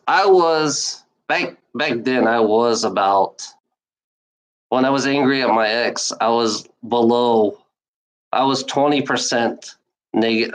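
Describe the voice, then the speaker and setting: A woman vlogging in a casual, unscripted rant, rambling and swearing with many restarts. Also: rough recording. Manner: emphatic, pitch swinging widely.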